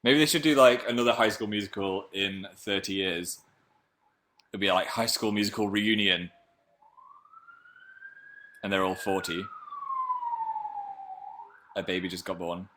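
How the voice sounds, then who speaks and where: A man casually chatting on a livestream and reading viewer comments. He rambles and jokes, and his pitch and volume jump suddenly when he gets excited. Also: unhurried, long pauses, slight background noise. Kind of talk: casual chat.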